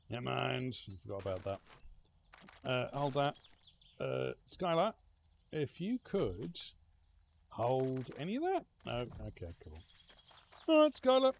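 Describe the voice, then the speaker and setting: A man's voice: mid-range voice, creaky. A man streaming a game live, chatting, swearing and humming silly ditties to himself as he plays. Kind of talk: live gameplay commentary.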